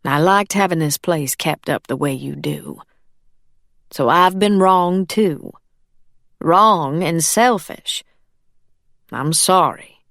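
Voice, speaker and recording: A woman's voice: low-pitched, takes it slowly, vocal fry, long pauses, a bit bright, no room sound, clean studio sound, heavily acted. A woman voicing a cool, firm wealthy employer.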